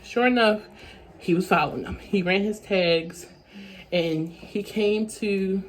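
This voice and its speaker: A young woman telling a story from her own life in a casual vlog, talking in quick bursts that restart and repeat phrases. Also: mid-range voice, a little hiss or hum, poor audio. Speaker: vlogger.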